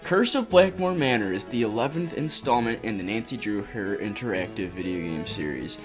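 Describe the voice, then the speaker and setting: A man's voice: fairly low pitch, lively intonation, normal speed, music in the background. A man co-hosting a video game review show, talking in an enthusiastic, conversational way. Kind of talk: casual review chat.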